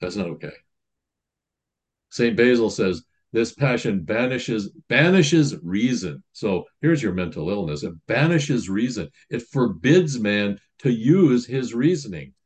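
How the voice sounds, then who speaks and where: A man's voice: fairly low pitch, sing-song, measured pace, breathy edge. A man priest giving a sermon in a conversational teaching manner, reading quotations aloud and explaining them.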